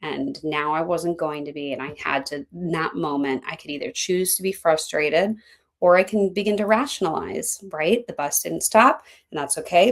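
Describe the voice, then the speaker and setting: A middle-aged woman coach teaching a class in a chatty, animated way, often acting out what her clients say. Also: deep voice. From Philadelphia. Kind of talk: teaching an online class, conversational.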